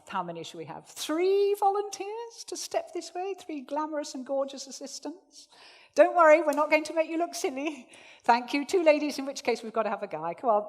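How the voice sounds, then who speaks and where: A woman running a presentation skills workshop for a live audience, jokey and lively, swinging her voice up and down to make her points. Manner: lively, jokey, swings pitch widely for demonstration. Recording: echoey hall reverb.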